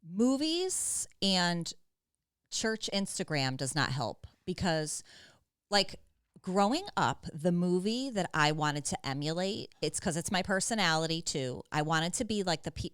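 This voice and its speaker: A woman's voice: low-pitched, very animated, measured pace, clean tone, dry recording, studio quality. A woman co-hosting a podcast, talking casually and animatedly, stretching words for emphasis. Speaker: podcast co-host. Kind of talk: casual conversation.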